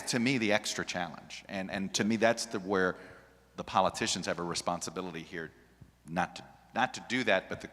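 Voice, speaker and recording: Male journalist panelist, animated and restarting often, with a bright voice in a reverberant hall. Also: sits low. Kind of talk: panel discussion. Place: large hall with an audience. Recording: long reverb of a large hall.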